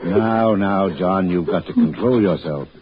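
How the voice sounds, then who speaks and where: An actor playing a calm, rational doctor in a 1940s radio horror drama, measured and soothing. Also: male voice, deep voice. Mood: reasoning. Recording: muffled 1940s radio broadcast with faint hiss.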